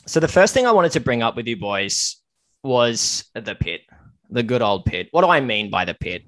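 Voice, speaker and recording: A man hosting a casual podcast, his voice sitting in a mid pitch. He talks earnestly about serious things and jokes easily with his guests. The sound is dry and close to the mic. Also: sing-song, moderate pace, a bit bright, no room sound. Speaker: podcast host.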